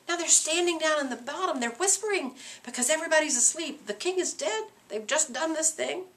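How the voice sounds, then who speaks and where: A woman teacher walking her class through a play scene. She speaks in a high, bright voice with lively swings of pitch. She keeps stopping to put rhetorical questions to her students. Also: fairly quick, few pauses.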